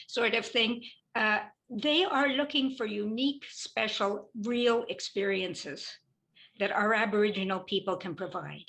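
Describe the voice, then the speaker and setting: Older woman economist, measured explanations. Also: fairly high pitch, fairly bright tone, low-quality recording. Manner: measured, explanatory, occasional restarts. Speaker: economist guest. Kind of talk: interview answers.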